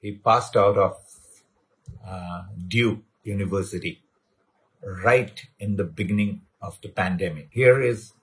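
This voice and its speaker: A man talks slowly and with measured care in a fairly low voice. His delivery is unhurried throughout. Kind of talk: personal storytelling.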